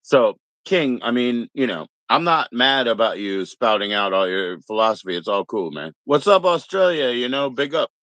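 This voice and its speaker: A man's voice: medium pitch, expressive, normal speed, hardly any pauses, fairly bright tone, no room sound, muffled recording. A man chatting casually on a live stream, rambling and laid-back as he greets viewers one by one. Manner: rambling, laid-back, greets chat members, mock Aussie slang. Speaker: livestream host.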